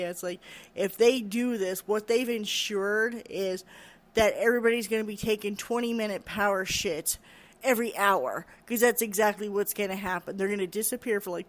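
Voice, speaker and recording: Rambling, laughing middle-aged vlogger. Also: mid-range voice. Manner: rambling and chatty, with frequent laughs. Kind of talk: casual rant to camera.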